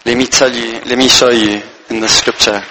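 A man's voice: mid-range voice, little pitch movement, normal speed, pushed and bright, slight background noise, rough recording. A man preaching a Christmas sermon as pastor, speaking earnestly in short phrases and reading scripture aloud.

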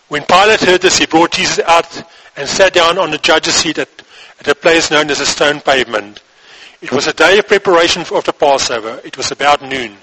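A man's voice: a little high, normal speed, bright, forceful tone, breathy edge, poor audio. A man reading scripture aloud and breaking off to explain it, with occasional restarts. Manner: reads, then breaks off to explain.

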